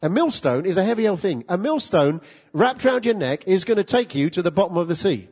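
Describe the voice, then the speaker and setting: A man preaching a sermon in a church, lively and full of rhetorical questions put to the congregation. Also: high-pitched, brisk, breathy edge. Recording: lo-fi with long hall reverb.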